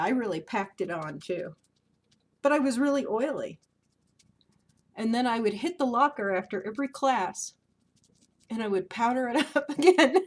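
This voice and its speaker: Chatty woman vlogger, slightly high voice. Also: husky. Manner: chatty, self-mocking, laughs often. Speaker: beauty vlogger. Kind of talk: casual vlog chat.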